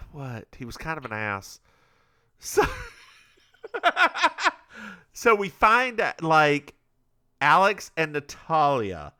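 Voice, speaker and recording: A man's voice: a little high, bright, forceful tone, clear, resonant tone. A man co-hosting a podcast, recapping a TV episode in casual, rambling, stop-start chat. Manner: says he is bad at accents. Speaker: podcast co-host.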